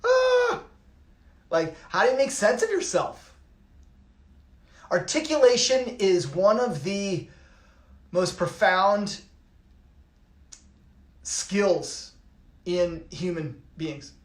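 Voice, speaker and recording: A man's voice: high-pitched, animated, slow, long pauses. Middle-aged canadian-born yoga guy rambling, repeats himself a lot, roomy echo around him. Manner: rambling, repeats phrases, many restarts. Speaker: yoga teacher. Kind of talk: casual reflective talk.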